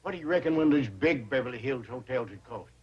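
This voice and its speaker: A man's voice: mid-range voice, lively intonation, fast, husky. An actor playing a boastful, stubborn rustic old man, talking brashly and folksily. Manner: brash, folksy, self-pleased. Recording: dull old TV soundtrack with loud laugh track.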